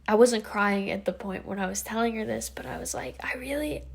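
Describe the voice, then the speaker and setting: A woman's voice: medium pitch, steady tone, fairly quick, gravelly, breathy edge. A woman in her twenties talking to camera in a casual, reflective vlog, earnest and rambling, with lots of fillers and restarts. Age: 20s. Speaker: vlogger.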